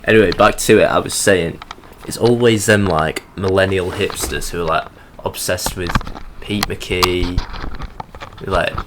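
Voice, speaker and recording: A man's voice: low-pitched, fairly even intonation, unhurried, background noise. A young man narrating his hike in a rambling, sardonic, sweary voice-over. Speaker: hiking vlogger.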